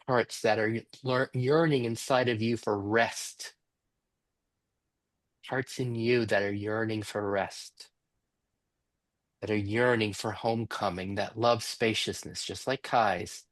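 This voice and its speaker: A man facilitating a workshop, guiding the group with soft, slow, questioning prompts over a video call. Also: fairly low pitch, steady tone, no echo. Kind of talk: guided reflective facilitation.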